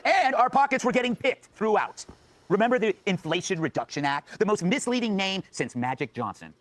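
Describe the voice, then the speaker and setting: A man's voice: high-pitched, very animated, a little fast, no echo. A man delivering a scripted comedic monologue as a late-night host, with snappy punchlines.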